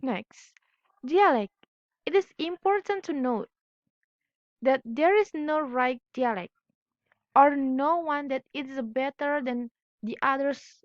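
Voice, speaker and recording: Young woman student, first language Indonesian, high voice, slow halting read, dull dry recording. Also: dry recording. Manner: careful, halting, corrects her own slips. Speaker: student presenter. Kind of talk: reading a class presentation.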